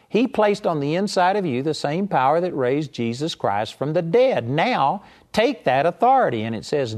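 Male preacher, lightly high voice, animated sermon storytelling, dramatic raised pleas.

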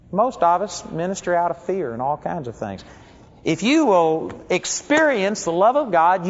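Earnest preacher man in an echoing hall. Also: a little high. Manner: earnest storytelling, slows down to stress key phrases. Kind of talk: sermon. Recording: dull audio with long hall reverb.

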